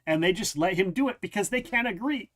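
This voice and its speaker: A man's voice: high voice, expressive, fast talker, fairly bright tone, pitched above the performer's own voice. A man voicing a diplomatic male noble's aide who is bad at sarcasm and speaks in an earnest, courteous way.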